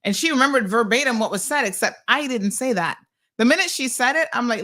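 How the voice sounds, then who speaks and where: A woman's voice: fairly high pitch, expressive, fairly quick, pushed and bright. A Caymanian woman hosting a call-in talk show, chatting in a rambling, exasperated way as she reads listener comments and tells stories. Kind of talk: casual call-in show chat.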